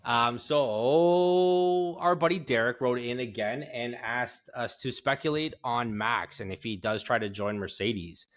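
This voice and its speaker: A man from Canada with a mid-range voice, co-hosting a casual podcast. He reads listener mail and throws in quick, wry, profane remarks. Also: medium pitch, sharp tone. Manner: quick, wry interjections, swears. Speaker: podcast co-host and editor. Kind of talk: casual chat.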